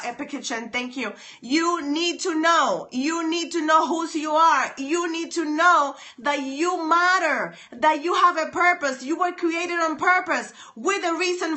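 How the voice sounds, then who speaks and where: A woman with a high, sharp voice hosts a live stream from her phone. She delivers an emphatic, preachy motivational talk, repeating her lines and responding to viewer comments.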